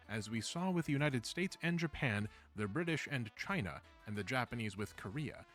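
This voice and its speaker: A man giving scripted video-essay narration in a measured way, with dry, wry asides. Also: medium pitch, fairly bright tone.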